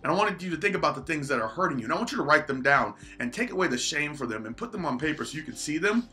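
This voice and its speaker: A man's voice: fairly high pitch, expressive, rapid-fire, sharp tone, faint music behind. A man giving an earnest motivational talk on a livestream, shifting his pace often. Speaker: motivational speaker.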